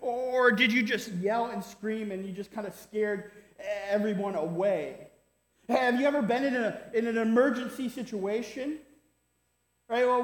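A man delivers a sermon as if telling a funny story to friends, with a high voice. He keeps checking in with the congregation and leans on quick tags. The sound rings around a large, echoey church hall. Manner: conversational, keeps asking "right?". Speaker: pastor. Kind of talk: sermon with a humorous personal story. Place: church sanctuary.

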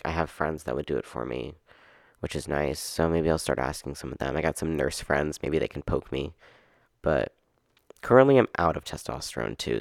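A man's voice: extremely low pitch, gravelly, dry recording, clean studio sound. A young man hosting a solo podcast from his couch, rambling casually, swearing and getting worked up. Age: young adult. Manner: rambling, swearing, quickly exasperated. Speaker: podcast host. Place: at home on a couch. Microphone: podcast microphone.

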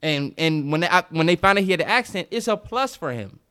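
A man's voice: on the high side, expressive, fairly quick, pushed and bright, clear, resonant tone. A man co-hosting a podcast, riffing in casual chat with emphatic, profane opinions. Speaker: podcast co-host.

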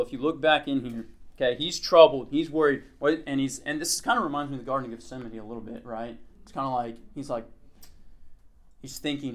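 A man teaching a Bible lesson to a small group. He reads scripture aloud slowly, then explains it in a conversational way, often checking in with "okay?". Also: mid-range voice, fairly bright tone.

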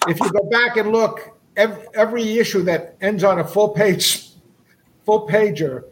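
A man reminiscing on a video call as a guest writer, relaxed and chuckling. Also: sits high, measured pace, background noise. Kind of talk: casual panel chat.

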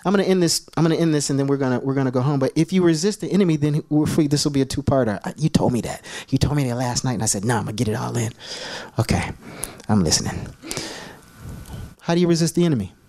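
A man preaching a sermon as pastor, telling animated, jokey stories to his church. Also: mid-range voice, fast talker.

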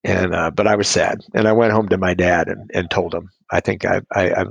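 Middle-aged guy rambling thru a personal story, laughs at himself a lot, kinda deep and raspy, dry close sound. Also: little pitch movement, normal speed, dry recording, dull audio. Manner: rambling and self-deprecating, with frequent restarts and chuckles.

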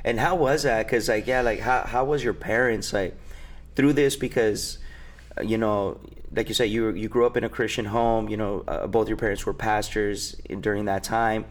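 Laid-back low-voiced man interviewer. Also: steady tone, moderate pace. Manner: laid-back, affirming, says "man" often. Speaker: podcast host. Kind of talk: casual conversational interview.

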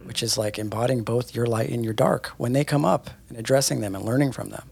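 A man's voice: mid-range voice, fast, vocal fry, a little mellow, slightly rough. A man co-hosting a casual podcast, speaking in an admiring, reflective way. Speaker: podcast co-host.

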